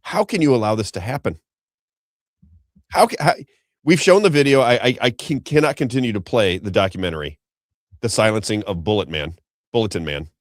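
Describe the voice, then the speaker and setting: A man's voice: medium pitch, very animated, a little fast, no room sound, studio quality. A middle-aged man hosting an unscripted political commentary show, talking in a rambling, emphatic way that repeats points and keeps turning to his co-host. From Missouri, USA.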